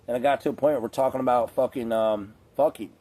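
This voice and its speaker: A man's voice: mid-range voice, fairly even intonation, quick pace, mellow, slightly rough. Rambling, profane man ranting casually. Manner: rambling, profane, heavy on filler words. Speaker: vlogger. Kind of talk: casual rant to camera.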